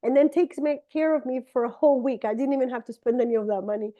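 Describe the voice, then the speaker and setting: Animated middle-aged woman telling a story. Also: quick pace, phone-quality sound. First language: Spanish. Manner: animated, swings into high excited quoted voices. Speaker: speaker sharing a testimony. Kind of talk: casual storytelling talk.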